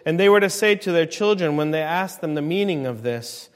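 Man, thirties, pastor, sermon, dynamic preaching, slightly high voice, reverberant church hall. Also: lively intonation, brisk, clear, resonant tone. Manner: dynamic preaching, rising loud on climaxes and dropping low.

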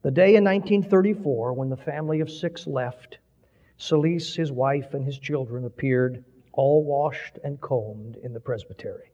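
A man's voice: medium pitch, moderate pace, warm tone. A man preaching, telling a story with swelling, dramatic delivery. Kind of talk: sermon storytelling. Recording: dull recording with long hall reverb.

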